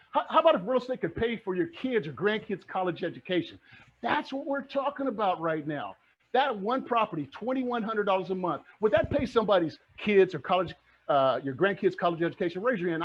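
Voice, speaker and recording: Man, high voice, energetic coach, rallying questions, muffled lo-fi sound. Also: fairly quick, breathy edge. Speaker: real estate coach. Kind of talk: to-camera teaching with a lightboard. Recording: dull lo-fi recording.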